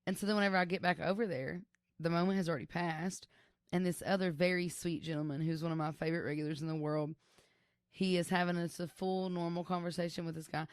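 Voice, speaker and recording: Young woman co-host, lower voice, chatty storyteller, dry close mic. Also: fairly even intonation, fast talker, no room sound. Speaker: podcast co-host. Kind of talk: casual chat.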